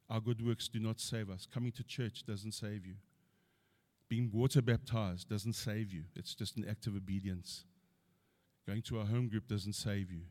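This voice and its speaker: A man's voice: lowish voice, darkish tone. A middle-aged man preaching a sermon, earnestly quoting scripture and building to emphatic points.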